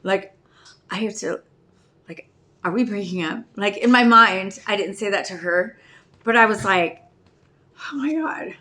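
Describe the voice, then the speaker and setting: A woman's voice: mid-range voice, normal speed, long pauses, bright, forceful tone. A woman in her fifties talking candidly in a personal vlog, rambling and questioning herself as she searches for words. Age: 50s. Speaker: video diarist in addiction recovery.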